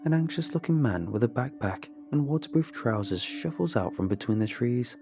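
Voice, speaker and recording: A man narrating a first-person horror story in a measured, grim manner. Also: medium pitch, expressive. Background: background music.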